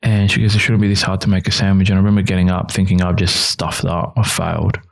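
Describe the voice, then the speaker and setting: A very deep-voiced man in his thirties shares his own hard times as an interview guest. He talks earnestly and openly, with feeling behind it. He often slips into the voices of the people in his story. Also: level tone, fast talker, vocal fry. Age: 30s. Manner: earnest, emotional, quotes others in his stories. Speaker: youth worker and guest. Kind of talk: candid personal storytelling.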